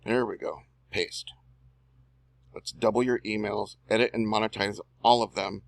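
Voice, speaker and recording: Gravelly low man talking to himself. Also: fairly even intonation, a little slow, no echo. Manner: muttering and reading copy aloud as he types; self-talking, drawling slangy asides. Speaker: online marketer and video host. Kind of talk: casual screen-recorded tutorial.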